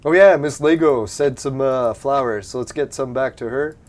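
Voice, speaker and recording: A man's voice: mid-range voice, normal speed. Laid-back swearing gamer guy. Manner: laughs often, swears freely, rambling. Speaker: gaming channel host. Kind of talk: casual let's-play commentary.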